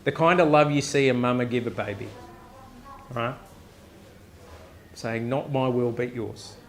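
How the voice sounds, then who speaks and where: A man with an Australian accent preaching a casual, joking sermon at a live chapel service, often tossing in a quick "right?" to the crowd. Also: medium pitch, steady tone. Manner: conversational, joking, frequent "right?" asides. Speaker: pastor.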